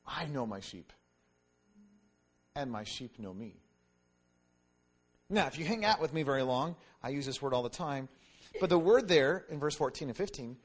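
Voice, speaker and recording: A man preaching a sermon in an animated, conversational way, with jokes and quick asides to the congregation. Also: medium pitch, slightly rough. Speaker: pastor.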